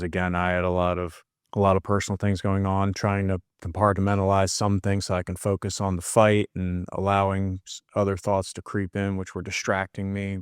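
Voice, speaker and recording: A man's voice: low-pitched, clear, resonant tone, no room sound, studio quality. A man who fights, talking through his thoughts in a casual podcast chat, often restarting his sentences. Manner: reflective, searching for words with many restarts.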